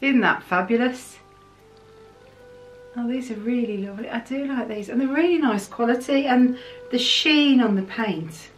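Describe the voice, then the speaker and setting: A woman from the United Kingdom, chatting excitedly as she unboxes things for her channel. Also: a little high, normal speed, faint music behind. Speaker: vlogger. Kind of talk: casual chat while unboxing. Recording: roomy sound from a distant mic.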